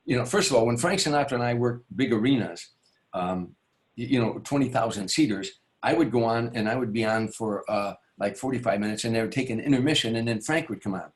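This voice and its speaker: A man's voice: medium pitch, fairly quick. Rambling man telling a show-business story. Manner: rambling, with many restarts and asides; acts out the voices of people in his story. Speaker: guest, stand-up comedian. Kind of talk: anecdotal storytelling in an interview.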